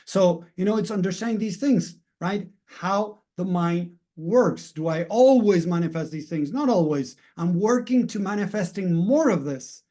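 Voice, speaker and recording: A man's voice: high-pitched, a little slow, few pauses, warm tone. A man coaching viewers in a casual, rambling self-help talk, often checking in with "right?" and "you know". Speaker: mindset coach.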